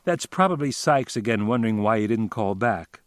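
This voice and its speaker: A man voicing a young wife who talks softly and quietly. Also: on the low side, lively intonation, normal speed, dry recording, studio quality, close to an everyday voice. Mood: gentle. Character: young wife, gentle, a little defensive.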